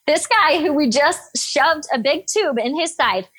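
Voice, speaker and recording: A woman in her thirties, a nurse and podcast guest, telling a story in an energetic, upbeat, animated way. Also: high-pitched, takes it slowly. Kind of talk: casual storytelling interview.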